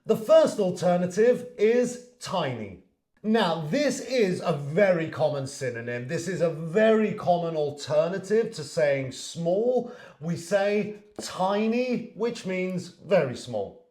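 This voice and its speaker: A man's voice: high voice, very animated, slow pace, a little mellow. A man giving a lesson, explaining words and acting out example sentences. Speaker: English teacher. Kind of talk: online language lesson. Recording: echoey room.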